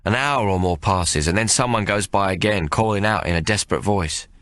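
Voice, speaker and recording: Bright-toned man narrating an audiobook. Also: fairly low pitch, a little fast. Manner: rough working-class storyteller's dialect. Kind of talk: first-person audiobook narration.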